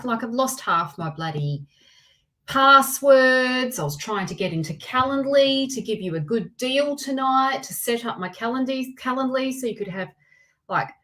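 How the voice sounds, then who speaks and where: Australian woman, middle-aged, live-stream tarot host; high-pitched, chatty, greets viewers by name. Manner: chatty, warm greetings to viewers, frequent restarts. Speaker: tarot reader hosting a livestream. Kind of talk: casual live-stream chat.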